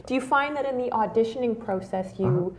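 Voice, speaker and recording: A woman hosting a studio interview show, upbeat and quick with praise as she leads her guest along. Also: on the high side, a little hiss or hum. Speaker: host. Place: television studio.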